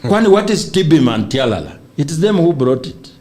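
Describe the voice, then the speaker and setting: A man's voice: on the high side, big pitch swings, brisk, darkish tone. A man with a Kenyan accent, a political guest on a podcast, arguing emphatically and mixing Swahili into his English. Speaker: political guest, senatorial aspirant. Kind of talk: animated political podcast debate.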